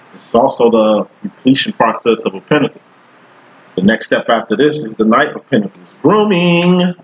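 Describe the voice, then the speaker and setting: A man reads tarot cards in a loose, streetwise monologue at a medium pitch, cursing freely. He talks in rhythmic runs of words and jumps his pitch up to hammer each point. The audio is a little dull and lo-fi. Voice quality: profane, blunt and streetwise, with slang. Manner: animated, rhythmic, jumping in pitch for emphasis. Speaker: tarot reader. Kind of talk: casual tarot reading monologue.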